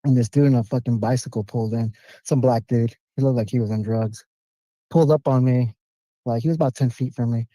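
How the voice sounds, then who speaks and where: A man calling into a podcast, telling a story with animated, profane street slang. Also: medium pitch, a little fast, no echo, rough recording. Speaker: caller. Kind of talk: casual storytelling on a call.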